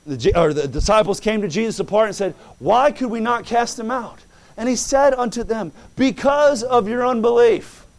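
A preacher man with a high voice delivers a fervent sermon. He reads scripture aloud and acts out quoted voices in dialogue. His delivery moves from hushed asides to ringing exclamations. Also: lively intonation, moderate pace. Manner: fervent, swings from soft asides to loud exclamations.

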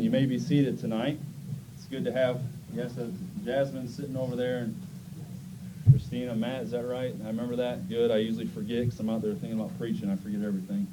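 A man's voice: mid-range voice, little pitch movement, quick pace, heavy background noise. Folksy preacher losing his voice. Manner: folksy and conversational, prays with rising fervor. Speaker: pastor. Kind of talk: church service, singing, prayer and announcements.

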